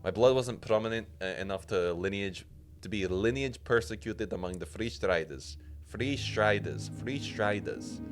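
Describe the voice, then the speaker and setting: A man's voice: sits low, expressive, fast talker. A man voicing an ancient, chatty, boastful male skull mage who rambles gleefully and tries an accent. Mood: rambling. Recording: music playing underneath.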